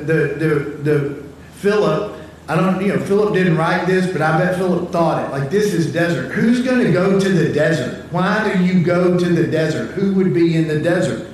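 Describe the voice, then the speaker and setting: A man's voice: a little high, slight background noise. A man preaching a sermon in a conversational, storytelling way, often repeating words as he starts a thought, recorded in a church hall. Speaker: pastor. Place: church sanctuary. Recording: very echoey church hall, from far off.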